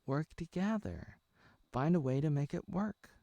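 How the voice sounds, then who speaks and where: A man's voice: on the high side, expressive, a little slow, dark tone, no room sound, pitched above the performer's own voice. A man voicing an exasperated older man pleading for people to work together.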